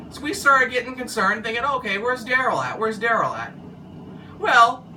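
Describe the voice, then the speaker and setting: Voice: mid-range voice, sharp tone, distant mic, a little hiss or hum, low-quality recording. A former car wash worker telling a story casually, rambling and losing track of the thread. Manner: rambling, loses track and restarts.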